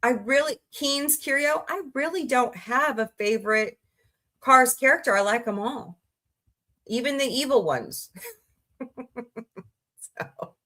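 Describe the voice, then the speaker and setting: A woman's voice: high voice, lively intonation, slow, pauses often, sharp tone. A woman in her forties from Missouri hosting a casual livestream, chatting loosely, greeting viewers by name and reacting to the chat as she rambles from topic to topic. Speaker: livestream host.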